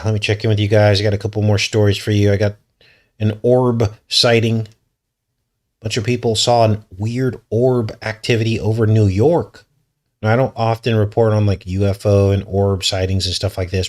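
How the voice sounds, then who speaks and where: A man's voice: lowish voice, little pitch movement, moderate pace, darkish tone. A man hosting a news commentary vlog, reading articles aloud and breaking in with suspicious, skeptical remarks. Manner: suspicious, conspiratorial tone. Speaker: channel host.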